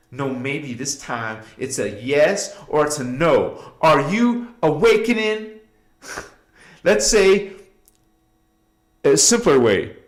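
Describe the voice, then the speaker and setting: A man's voice: fairly high pitch, roomy sound. A man hosting a casual spiritual livestream, exuberant and laughing, chanting affirmations to his viewers. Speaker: livestream host.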